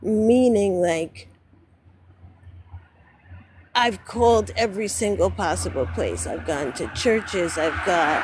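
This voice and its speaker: Slow, rambling woman on a noisy phone stream. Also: medium pitch, expressive. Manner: rambling, self-correcting, tearful frustration. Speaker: livestreamer. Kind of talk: casual livestream chat.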